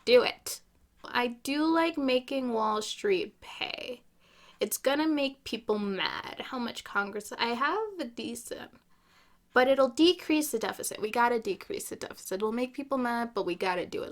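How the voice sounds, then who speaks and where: Gaming vlogger, woman, a bit high voice, opinionated and chatty. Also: moderate pace. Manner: opinionated, chatty, jokey asides. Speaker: gaming YouTuber. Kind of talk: casual gameplay commentary.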